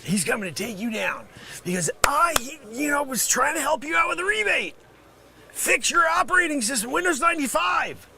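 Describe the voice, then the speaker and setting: A man playing a brash male scam caller posing as a tech company, yelling insults and swinging from loud to mumbled. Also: extremely high pitch, very animated, normal speed, gravelly, exaggerated voice. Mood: pompous. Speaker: comedy sketch performer. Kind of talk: improvised comedy sketch.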